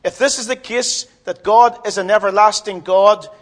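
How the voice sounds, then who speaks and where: A man preaching a sermon in a church, swinging from loud emphatic lines to soft, low ones. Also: normal speed.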